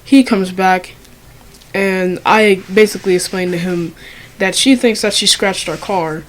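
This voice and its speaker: Young woman, casual storytime, profane, lots of fillers, middle pitch. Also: steady tone, unhurried, poor audio. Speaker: vlogger.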